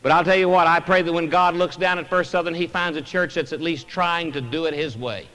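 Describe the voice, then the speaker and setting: A man's voice: fairly high pitch, fairly even intonation, brisk, sharp tone, long reverb tail. A man preaching a sermon as pastor of a church, earnest and emphatic, pressing each point home. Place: church sanctuary.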